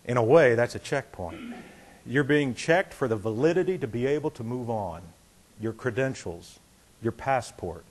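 Male pastor, middle-aged, preaching conversationally and voicing the people in his stories, mid-pitched voice. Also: normal speed. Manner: conversational, animated, acts out quotes. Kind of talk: sermon with storytelling.

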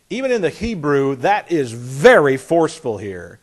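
A man's voice: fairly high pitch, expressive, moderate pace, hardly any pauses, slightly rough. A man teaching a Bible lesson in a folksy, emphatic way, reading scripture and acting out the speakers. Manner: folksy, emphatic, acts out voices, chuckles.

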